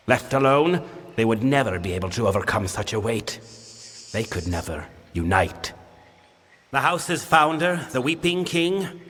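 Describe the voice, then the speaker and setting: A man's voice: lowish voice, a bit bright, breathy edge, heavily acted. Give me a commanding winter fae king from a video game, solemn and formal, with a long hall reverb. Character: weary ancient male winter fae king. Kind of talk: video game character dialogue.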